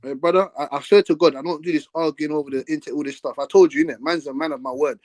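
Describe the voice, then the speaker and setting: A man's voice: fairly high pitch, steady tone, racing, darkish tone, dry recording. A young man, hosting a live stream and trading brash, profane trash talk in a heated argument.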